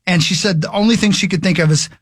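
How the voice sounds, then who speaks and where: A man's voice: high-pitched, quick pace, no room sound. A man on a radio studio mic, telling a long rambling story in casual chat with his co-hosts. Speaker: radio show host.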